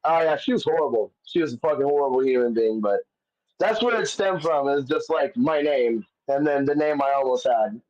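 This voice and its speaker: A man's voice: medium pitch, lively intonation, a little fast, darkish tone. A man, a comedian guest, telling stories in casual chat, swearing often and rambling with many fillers. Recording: dull lo-fi audio.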